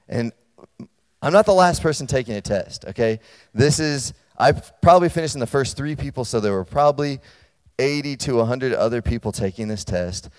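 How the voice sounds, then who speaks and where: A man preaching to college students, talking casually and checking in with them, and getting loud and animated as he tells a personal story. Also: mid-range voice, moderate pace, clear, resonant tone. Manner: conversational, storytelling, checks in with listeners; grows loud and animated when telling a story. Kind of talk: sermon. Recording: long hall reverb.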